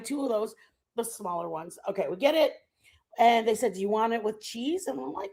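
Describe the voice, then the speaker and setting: A woman streaming a casual chat, telling a rambling travel story in an animated way and laughing often. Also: a little high, brisk. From Texas. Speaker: stream host.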